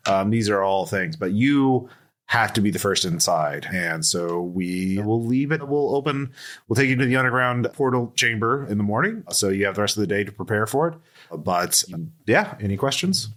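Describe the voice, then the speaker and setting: A man's voice: on the low side, expressive, normal speed, a bit bright. A man running a tabletop game as game master, talking in a loose, rambling way with plenty of fillers. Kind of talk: casual tabletop game narration.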